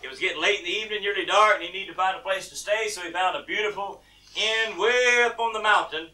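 A man preaching a sermon in a church, telling a folksy story in an animated way, recorded from a distant mic. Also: high-pitched, quick pace. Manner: folksy, animated, laughing at his own story.

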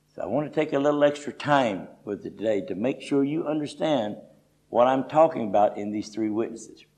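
A man's voice: mid-range voice, dark tone, low-quality recording. A middle-aged man preaching a conversational sermon in a folksy, emphatic way, often adding "you know".

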